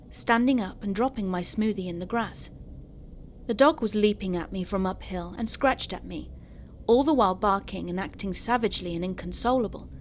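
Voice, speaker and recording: A woman's voice: mid-range voice, slight background noise. Woman narrating true horror stories. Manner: steady first-person storytelling.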